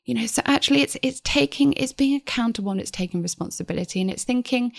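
A woman's voice: fairly high pitch, fast, creaky, dry recording, studio quality. A woman in her thirties, speaking earnestly and reflectively as a podcast guest. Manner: earnest, reflective, acts out inner voices. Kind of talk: conversational interview.

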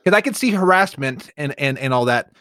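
A man's voice: mid-range voice, lively intonation, brisk, sharp tone, dry recording, studio quality. A man filling in as co-host in a casual podcast chat, stammering and repeating words as he goes.

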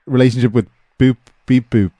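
Male comedy host, mellow dark tone, deadpan straight man. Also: mid-range voice, a little fast, no room sound. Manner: deadpan, polite, playing it straight. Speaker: radio-style comedy host. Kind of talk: improvised comedy interview.

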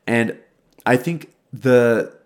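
A man's voice: mid-range voice, very slow. A man in his thirties telling a personal recovery story in a reflective, conversational way, with frequent restarts, recorded in his old childhood bedroom. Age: 30s. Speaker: faith-based recovery speaker.

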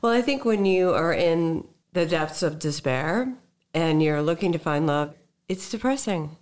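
A woman host with a fairly low-pitched voice, leading a relaxed interview. She speaks like a dating coach, encouraging and reassuring, and turns her guest's stories into advice for listeners. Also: a little slow. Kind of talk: casual interview chat.

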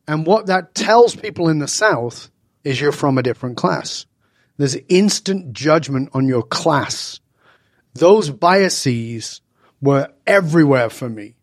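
A man in his sixties from Northern England talks as an interview guest. His voice sits a little high and sounds dry and close, with no room around it. He tells stories with animation, jumping into the voices of the people in them. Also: no echo. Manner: acts out dialogue with lively voice changes. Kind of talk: animated storytelling in conversation.

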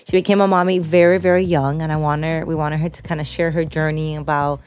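A woman hosting a podcast with a deep, low voice. She speaks in an earnest, encouraging tone as she introduces her guest. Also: little pitch movement, fast, a little mellow. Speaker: podcast co-host. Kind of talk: casual podcast chat.

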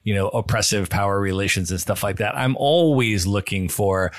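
A male podcast host with a lowish voice answers his guest thoughtfully. His delivery is measured and conversational, and the recording is dry and close. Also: no room sound. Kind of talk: interview conversation.

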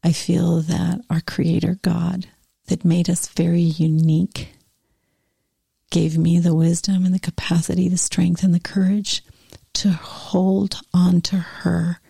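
Middle-aged woman guest, soft and slow, husky and dark, dry close mic. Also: fairly low pitch, level tone, no room sound. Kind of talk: heartfelt conversation.

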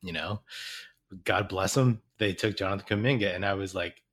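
Excitable man chatting about basketball. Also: low-pitched, moderate pace. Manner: excitable, laughs often, restarts sentences. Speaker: podcast co-host. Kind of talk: casual sports chat.

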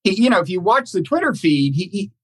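A man hosting a podcast conversation, talking in a halting, thoughtful way with many restarts and repeated words. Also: sits high, very animated, slightly rough. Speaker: podcast host. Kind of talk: casual conversational interview.

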